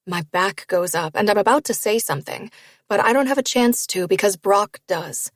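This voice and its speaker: A woman narrating a first-person romance novel in a steady storytelling read. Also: medium pitch, normal speed, no echo, studio quality. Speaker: audiobook narrator.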